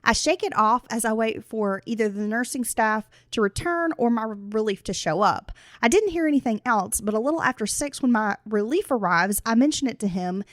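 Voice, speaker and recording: A woman with a fairly high voice co-hosts a casual podcast, reading listener stories and teasing her partner with frequent laughs. Her voice is recorded close and dry, with no room sound. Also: expressive, moderate pace, few pauses, dry recording. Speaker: podcast co-host.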